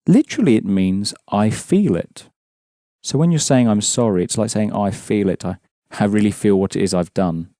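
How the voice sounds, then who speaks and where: A man leads a language lesson in a patient, explaining manner, prompting students with questions. His voice sits fairly low and moves lively up and down. The tone is mellow and the recording dry. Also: normal speed, no room sound. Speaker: language teacher.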